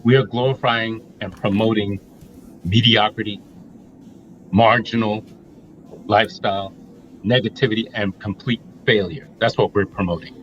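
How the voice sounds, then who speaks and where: A man's voice: lowish voice, fairly even intonation, normal speed, long pauses, fairly bright tone, lo-fi sound, a little hiss or hum. A middle-aged man co-hosting a reaction talk, emphatic and blunt, laying out his points one by one. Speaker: co-host. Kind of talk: opinionated reaction commentary.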